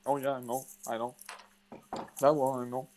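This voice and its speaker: A man's voice: mid-range voice, normal speed, a little hiss or hum. A young man co-hosting a podcast in casual chat, ranting and swearing often. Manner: swears constantly, ranting and animated. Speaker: podcast co-host.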